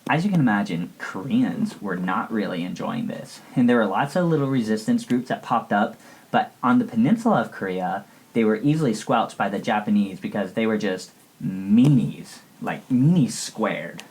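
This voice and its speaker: A woman's voice: rumbling low, fairly quick, a little mellow, slightly rough, full character voice, rough recording. A woman playing a ditzy valley-girl teen student who rambles bubbly through a comedic history report, full of "like". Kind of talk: comedic sketch lesson.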